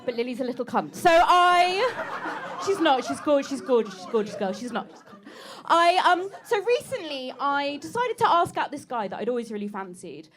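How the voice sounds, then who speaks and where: Lively, high-voiced comedian in her thirties. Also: normal speed. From England. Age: 30s. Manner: chatty, self-mocking, teasing the crowd. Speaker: stand-up comedian. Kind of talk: stand-up set. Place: comedy club. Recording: live club recording with audience noise.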